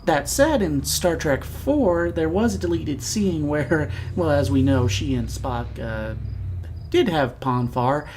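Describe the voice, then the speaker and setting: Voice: mid-range voice, expressive, slow pace, darkish tone, a little hiss or hum. A let's-play host giving casual, rambling gameplay commentary, chatty and self-deprecating.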